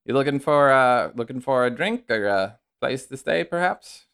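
A man's voice: mid-range voice, lively intonation, normal speed, creaky, fairly bright tone, smooth, voice pushed up. A man voicing a chatty, friendly widowed female innkeeper in a tabletop game.

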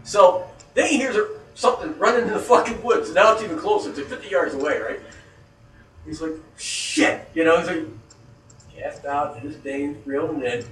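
A man's voice: fairly high pitch, brisk, slight background noise. A man telling a story in a casual, profane way, acting out scared reactions as he goes. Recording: echoey room heard from a distance.

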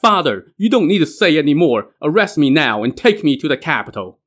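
A man's voice: fairly high pitch, fairly even intonation, moderate pace, lightly acted. A man voicing a torn, guilt-stricken warrior son who cries out in anguish, in a told story. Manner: anguished outbursts.

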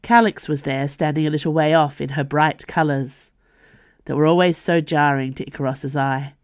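A woman, the author, reading her own fantasy novel aloud for a podcast in a measured storytelling voice. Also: sits low, steady tone, no room sound. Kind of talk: audiobook fantasy narration.

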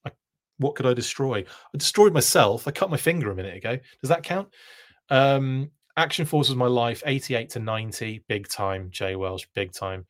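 A man's voice: mid-range voice, animated, moderate pace. A man hosting a live stream, reading chat comments aloud in a casual, self-deprecating way with frequent laughs.

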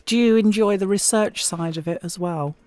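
A woman hosts a podcast interview with a mellow, dark-toned voice. She asks curious, admiring questions. Her voice sounds dry and close, with no room echo. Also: medium pitch, normal speed. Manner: inquisitive and complimentary. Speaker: podcast host. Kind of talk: interviewing a guest.

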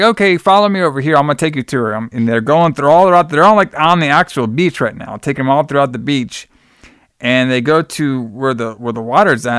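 Man, podcast host, smooth voice, dry recording, casual storytelling. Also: medium pitch, a bit bright, dry recording. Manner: loose retelling, acts out quotes in plain voice, calls cohost brother. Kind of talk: casual movie recap chat.

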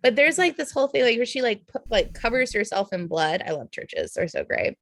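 A woman's voice: fairly high pitch, big pitch swings, fairly quick, vocal fry, a bit bright, dry recording, studio quality. A woman from the Bay Area with a Californian accent, a podcast guest who talks casually and effusively with many fillers, sounding a little tipsy. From San Francisco Bay Area. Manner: bubbly, filler-heavy, effusive.

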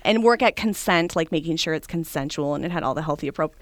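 A woman's voice: low voice, lively intonation, fast talker, no echo. A woman therapist in a casual chat, frankly telling stories and explaining treatment methods.

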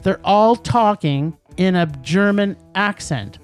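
A man co-hosting a podcast, ranting about movies in an animated way and laughing often. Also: sits high, slow pace, soft background music. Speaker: podcast co-host. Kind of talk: casual podcast movie rant.

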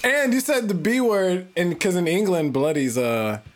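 A man's voice: sits high, lively intonation, moderate pace. A young man in casual, playful chat, narrating and teasing his friends during a drinking game.

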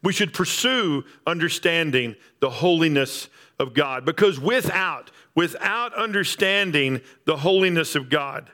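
A man's voice: fairly high pitch, lively intonation, measured pace, few pauses, sharp tone. A man preaching a sermon, emphatic and repetitive, building up on key phrases. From Texas Panhandle. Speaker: pastor.

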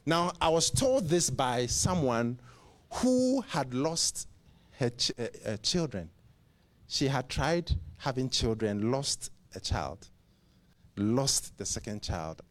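A man preaching a sermon who fires off rhetorical questions and often repeats words and restarts. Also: mid-range voice.

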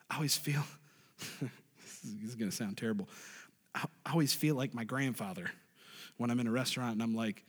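A man's voice: medium pitch, big-room sound. A man preaching a sermon as pastor, emphatic, often asking the congregation "right?" and drawing an "amen".

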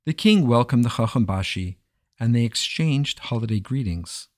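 A man narrating a folk tale in an expressive, dramatic storytelling manner. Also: medium pitch, normal speed, dry recording, studio quality.

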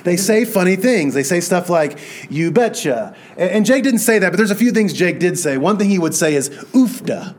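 A man serving as pastor, preaching a conversational sermon with storytelling, slow and deliberate at times. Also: high-pitched, expressive.

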